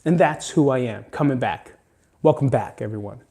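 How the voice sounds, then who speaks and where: A man's voice: medium pitch, moderate pace, vocal fry, mellow. A man hosting a solo podcast, talking earnestly and emphatically, swearing often and close to tears. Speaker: podcast host. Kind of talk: emotional solo podcast monologue.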